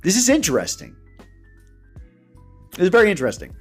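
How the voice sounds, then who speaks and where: A high-voiced man gives reaction commentary in an animated way, his pitch swinging up and down as he talks. He chuckles often while he breaks down what he is watching. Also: normal speed, husky, soft background music.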